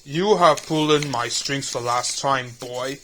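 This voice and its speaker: A man's voice: mid-range voice, a little slow, sharp tone, slight background noise. A man voicing Doctor Octopus, a smug mad scientist, in a put-on Irish accent for a fan audio drama. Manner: smug and theatrical. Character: elderly male octopus-themed mad scientist.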